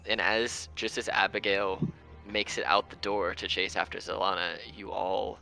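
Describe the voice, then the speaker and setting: A man's voice: on the low side, flat delivery, moderate pace, bright, forceful tone, soft background music. A man narrating a tabletop game as game master, loose and full of ums.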